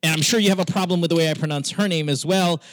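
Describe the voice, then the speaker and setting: A man's voice: on the high side, very fast, no echo. A man with a Western, almost Americanized accent, hosting a podcast in casual, profane, argumentative chat with many stammered restarts. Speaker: podcast host.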